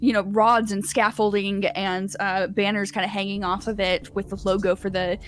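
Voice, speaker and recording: A woman running a tabletop game as game master, narrating scenes for players with lively energy and frequent laughter. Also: medium pitch, normal speed, a little hiss or hum. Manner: animated, laughs often while narrating.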